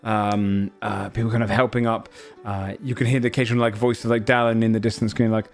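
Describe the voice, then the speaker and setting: Rambling game master, faint music. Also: male voice, mid-range voice, steady tone, fast talker, hardly any pauses. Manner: loose, hesitant narration full of fillers. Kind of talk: narrating a tabletop game.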